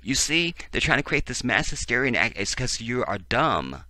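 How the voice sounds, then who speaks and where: A man's voice: mid-range voice, big pitch swings, moderate pace, bright, forceful tone, no room sound. A man hosting a profane, sarcastic political commentary, reading text aloud and breaking in with heated reactions. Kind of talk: ranting video commentary.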